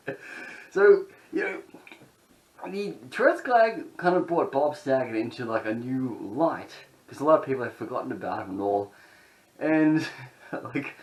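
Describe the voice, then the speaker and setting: A man chats casually on his vlog, rambling and chuckling between thoughts. His voice sits at an average pitch. The room around him adds a noticeable echo. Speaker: vlogger. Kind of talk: casual chat. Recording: roomy echo.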